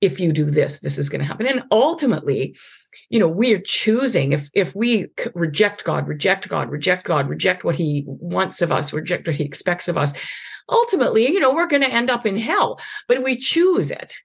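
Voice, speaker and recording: A woman's voice: mid-range voice, very animated, moderate pace, creaky, husky. A middle-aged woman hosting a podcast, talking earnestly about faith and parenting with many restarts and tag questions. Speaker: podcast host. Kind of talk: conversational advice on faith and parenting.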